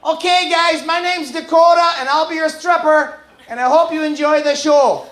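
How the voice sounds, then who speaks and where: A man putting on a chirpy high stripper woman. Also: steady tone, moderate pace, a bit bright. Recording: echoey club, crowd noise.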